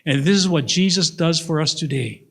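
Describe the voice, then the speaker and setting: A man's voice: moderate pace, gravelly, fairly bright tone. An older man preaching a sermon to his church, telling stories and acting out the voices in them. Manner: storytelling with acted-out voices and big pitch swings. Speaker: pastor. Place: church sanctuary. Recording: long hall reverb.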